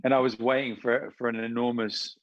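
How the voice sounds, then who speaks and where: A man, an actor and voice performer, chatting casually and telling animated stories with quick impressions. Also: medium pitch, no echo, dull audio. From United Kingdom. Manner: animated, slips into impressions mid-story. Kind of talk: casual interview storytelling.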